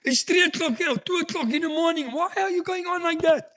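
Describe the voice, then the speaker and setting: A man preacher voicing an exasperated wife who shouts out of a window at her neighbor in the night, in a high, shrill yell. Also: brisk.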